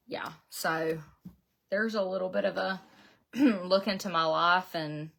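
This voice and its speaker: A middle-aged woman from Georgia with a Southern drawl, talking low and easy as she does her makeup. She rambles in a chatty way and laughs often, like she's catching up with friends. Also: fairly even intonation, a little slow, creaky, fairly bright tone. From Southeast Georgia, USA. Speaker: beauty vlogger. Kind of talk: casual chat while doing makeup. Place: her home beauty room, indoors.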